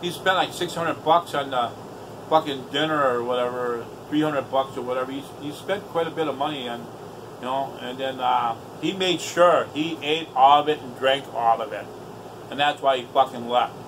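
A man's voice: mid-range voice, normal speed, noisy background. A man telling a story in a casual, exasperated rant, swearing constantly. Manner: heavily profane, exasperated. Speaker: vlogger.

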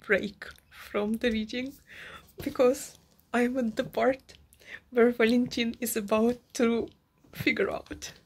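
Breathy high-voiced woman gushing about a book. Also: flat delivery, takes it slowly. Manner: overwrought, repeats herself, drops into whispers. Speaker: book vlogger. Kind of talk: emotional reading-vlog chat.

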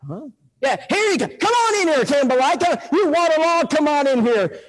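Preacher putting on a mocking farmer, drawling, high voice, hall reverb. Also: male voice, sing-song, moderate pace. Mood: teasing. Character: gruff rural farmer man, teasing and stubborn.

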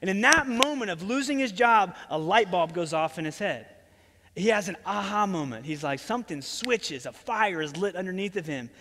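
A male pastor giving an animated, casual sermon in a church. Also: high voice, moderate pace. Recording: reverberant church hall.

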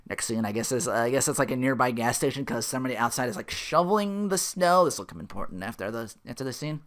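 A man casually retelling a film scene by scene, rambling with lots of "like" and quick laughs. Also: mid-range voice, fairly bright tone. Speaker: channel host retelling a film.

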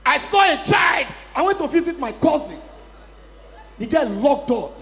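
A Nigerian-accented male comedian with a very high voice works a live audience, shifting into pidgin English and yelling his punchlines. He is very animated yet keeps a measured pace, with a creaky edge to his voice. The big hall gives a long reverb, and there's a little hiss or hum.

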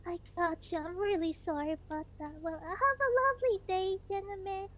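A woman's voice: extremely high pitch, steady tone, normal speed, a bit bright, a little hiss or hum. A woman doing in-character game roleplay as a passerby, speaking timidly and apologetically.

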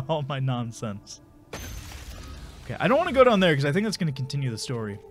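A man's voice: medium pitch, big pitch swings, fast, soft background music. A man with a congested voice giving casual, rambling, self-mocking commentary while playing a video game. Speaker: gameplay commentator. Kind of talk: casual let's play commentary.

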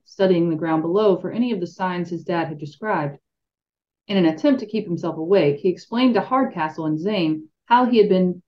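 A woman's voice: fairly low pitch, dark tone. A woman reading a fantasy novel aloud expressively as a podcast co-host, with light asides. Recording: dull lo-fi sound.

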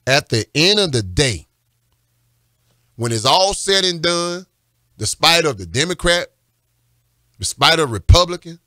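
Fervent, bright-voiced radio preacher. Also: male voice, a little high, very animated, unhurried, pauses often, no echo, studio quality. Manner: fervent, repetitive, rising to emphatic calls. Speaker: radio pastor and host. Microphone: studio microphone.

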